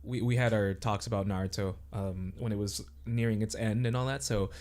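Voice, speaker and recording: A man's voice: lowish voice, fairly even intonation, a little fast, a little mellow. A man co-hosting a casual podcast, rambling hesitantly with many restarts. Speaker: podcast co-host. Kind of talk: casual chat.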